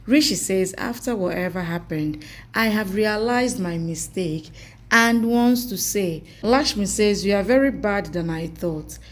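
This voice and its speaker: A woman's voice: medium pitch, measured pace. A woman reading a scripted recap of a TV series episode, with a plain reading of the dialogue as reported speech.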